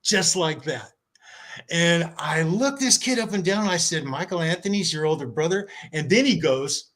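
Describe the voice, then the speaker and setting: Guy telling a story on a podcast over video call, kinda high voice, acts out the quotes. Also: animated, moderate pace, fairly bright tone. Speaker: podcast guest. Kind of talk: casual storytelling chat.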